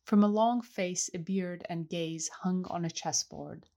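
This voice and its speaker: Woman reading a novel, lowish voice, calm and measured. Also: vocal fry. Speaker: audiobook reader. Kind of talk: literary audiobook narration.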